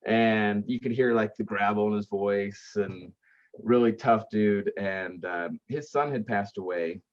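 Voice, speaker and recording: Man, low voice, earnest storyteller, podcast guest, muffled lo-fi recording. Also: a little slow. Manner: earnest, tells stories with many fillers and restarts. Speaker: guest, aftercare service founder. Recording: dull lo-fi sound.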